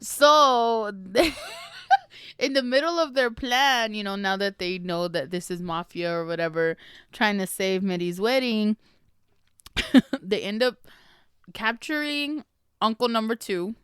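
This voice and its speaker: A woman's voice: medium pitch, slow, a bit bright, clean tone, dry recording, studio quality. A woman hosting a podcast, chatting casually and laughing often as she recaps a book. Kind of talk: casual chat.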